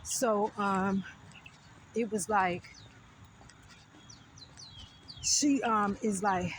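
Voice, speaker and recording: A woman telling a story on her vlog in an animated, profane way, with frequent asides to viewers. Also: medium pitch, extremely slow, long pauses, slight background noise. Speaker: vlogger.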